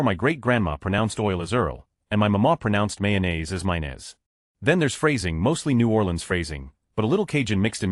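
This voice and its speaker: A man's voice: on the low side, no echo, clean studio sound. A man reading numbered online stories aloud as scripted narration. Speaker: narrator of reader posts.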